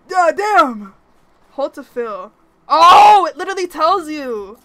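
A young woman streaming live, her voice high and leaping wildly between squeals and low mutters. She talks in an unhurried way between panicked cries and curses. Game music plays clearly behind her. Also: big pitch swings, very noisy. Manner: panicky shrieks and pleading, swearing, laughing. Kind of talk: live gameplay commentary. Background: game music and sound effects.

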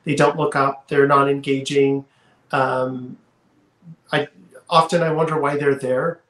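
A man who works as a realtor, speaking in a measured way with frequent pauses and "um"s. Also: medium pitch, little pitch movement, a bit bright. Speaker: realtor, panelist. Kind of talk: casual chat. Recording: roomy echo.

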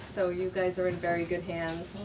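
A woman's voice: fairly low pitch, monotone, normal speed. A woman hosting a bookstore reading, introducing the author to children in a friendly, encouraging way. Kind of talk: event introduction. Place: bookstore, indoors. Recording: distant mic, noisy bookstore.

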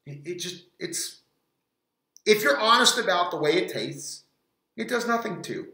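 Guy in his 40s, kinda high voice, rambles and trips over his words, roomy echoey sound. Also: animated, sharp tone. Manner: rambling, halting, restarts often. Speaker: frozen pizza reviewer. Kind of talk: casual review vlog. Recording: roomy echo.

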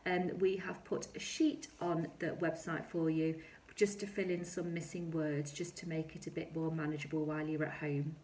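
A woman teaching a recorded lesson to young children, speaking slowly and clearly, reading her examples aloud with drama. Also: low voice, flat delivery, darkish tone, a little hiss or hum. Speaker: primary school teacher. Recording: echoey room.

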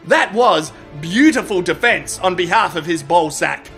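High-voiced crude comedy commentator. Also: male voice, expressive, unhurried, a bit bright, faint music behind. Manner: crude, laddish, gleeful. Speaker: comedic narrator. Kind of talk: crude mock sports commentary.

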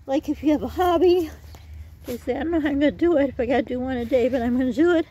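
A woman's voice: sits high, quick pace, mellow. A middle-aged woman chatting in a rambling way while gardening outdoors for her vlog, out of breath. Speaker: vlogger.

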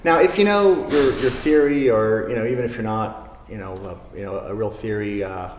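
A man giving a casual guitar lesson in a showroom, talking in a relaxed way with many fillers. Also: lowish voice, normal speed, reverberant, long reverb tail, slight background noise. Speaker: guitar teacher. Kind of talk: casual spoken music lesson. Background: classical guitar playing.

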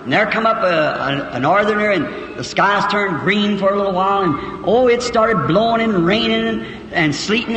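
A man in his fifties from the United States, preaching and telling a story in a folksy, emotional way that rises into high, excited outbursts. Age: 50s. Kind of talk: sermon, storytelling. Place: church or meeting hall. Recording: echoey hall recording with faint hiss.

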